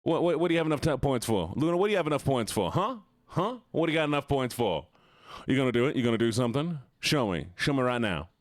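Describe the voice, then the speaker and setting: Playful male streamer, lively pitch. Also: fast, dry recording, clean studio sound. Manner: playful, goofy, talks to chat. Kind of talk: casual live-stream chat.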